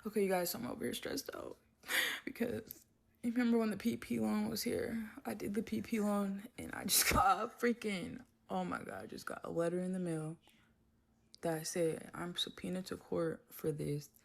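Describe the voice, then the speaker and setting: A woman's voice: mid-range voice, steady tone, normal speed, gravelly. A woman vlogging to camera, stressed and laughing nervously. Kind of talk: casual vlog to camera.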